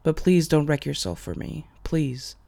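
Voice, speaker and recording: A man voicing a gentle, devoted young male hero who speaks in a soft, soothing, hushed way. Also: on the high side, animated, a little slow, creaky. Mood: tender.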